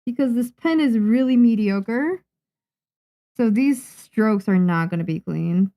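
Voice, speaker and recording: Slow-talking Japanese woman livestreaming her drawing. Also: on the high side, dark tone. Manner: chatty and self-soothing, muttering to herself. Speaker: manga artist streaming her drawing. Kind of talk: casual livestream chat while drawing.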